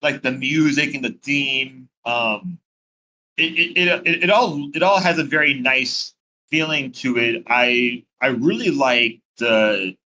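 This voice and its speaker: A man's voice: mid-range voice, slow, pushed and bright, poor audio. A man co-hosting a casual podcast, hesitant and enthusiastic, often repeating words. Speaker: podcast co-host. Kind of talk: casual chat.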